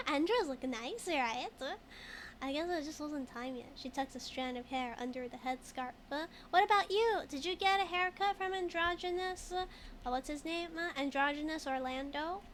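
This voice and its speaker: A woman's voice: high-pitched, expressive, moderate pace, fairly bright tone, slight background noise. A woman streaming a video game in a casual, chatty way, laughing often while she reads game text aloud and answers chat.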